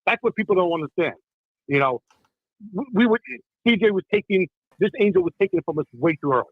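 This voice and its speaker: Impassioned husky middle-aged man on a phone line. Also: sits high, animated, fairly quick, no echo. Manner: impassioned, repeats "listen" and "okay". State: upset. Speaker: caller. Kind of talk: emotional call-in talk.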